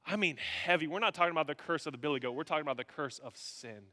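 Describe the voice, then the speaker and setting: A man preaching a sermon in a long-echoing hall, his voice bright and forceful. He is animated and dramatic, jumping from loud bursts to hushed, heavy emphasis. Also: on the high side, quick pace. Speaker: pastor.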